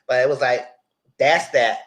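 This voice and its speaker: A man hosting a casual live recap, retelling scenes in a loose, animated way and quoting the characters as he goes. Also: mid-range voice, unhurried. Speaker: TV recap host.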